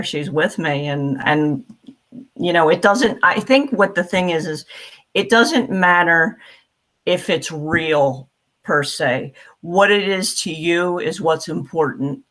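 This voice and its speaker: Slow, earnest woman panelist. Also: low-pitched, fairly bright tone. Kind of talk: casual chat.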